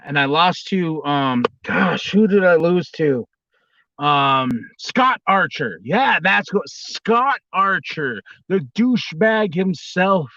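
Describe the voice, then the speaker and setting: A man in his thirties hosting a casual livestream as a former wrestler, telling a story with rambling restarts and bursts of high, squealing impressions. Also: animated, slow, sharp tone, dry recording, highs cut off.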